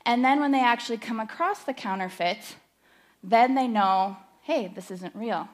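A middle-aged woman giving a personal testimony at church, nervous and emotional, halting with fillers. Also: on the high side. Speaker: church speaker sharing testimony.

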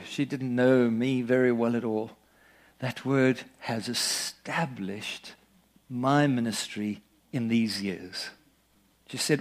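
A man's voice: mid-range voice, a little slow. A middle-aged man preaching a sermon, reading scripture aloud and telling personal stories in an earnest manner. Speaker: pastor.

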